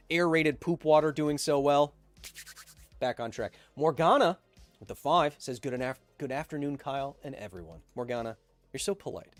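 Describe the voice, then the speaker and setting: A man in his thirties hosting a casual livestream podcast, chatting loosely and jokingly reading viewer messages aloud. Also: medium pitch. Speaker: podcast host reading live chat.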